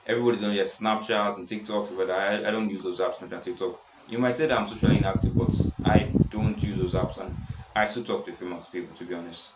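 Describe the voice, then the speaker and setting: A seventeen-year-old boy with a deep voice, rambling casually in a self-improvement vlog, full of restarts. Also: fairly even intonation, fast, echoey room, heavy background noise. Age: teens. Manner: rambling, many restarts and "stuff like that". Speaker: vlogger.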